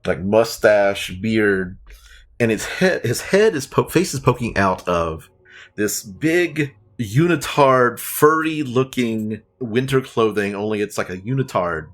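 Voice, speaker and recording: A man's voice: on the low side, expressive, slow. A man narrating a tabletop game as dungeon master, in a loose, casual way.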